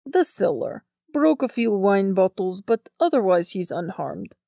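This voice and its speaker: Woman doing an unearthly male spirit, cool and matter-of-fact, gravelly edge, dry close sound, storybook reading. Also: mid-range voice, sing-song, unhurried, warm tone, dry recording, full character voice. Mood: calm. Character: calm otherworldly male spirit.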